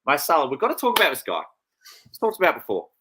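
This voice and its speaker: A man's voice: fairly high pitch, huge pitch swings, quick pace, noisy background. A man co-hosting a podcast on an online call, bantering drily and running through player stats. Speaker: podcast co-host. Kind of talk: casual chat and reading player stats.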